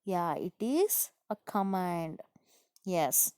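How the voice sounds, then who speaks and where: A woman school teacher with an Indian English accent, giving an online grammar lesson to children, explaining slowly and answering her own questions. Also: fairly low pitch, lively intonation, a little mellow, clean tone, no echo, clean studio sound. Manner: slow, repetitive explaining, asks and answers herself.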